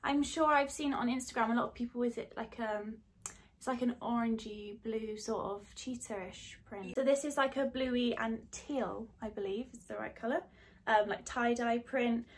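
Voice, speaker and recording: Relaxed young woman, high voice. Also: normal speed, a little hiss or hum. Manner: relaxed, hesitant, many ums. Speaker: fashion vlogger. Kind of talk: casual haul chat.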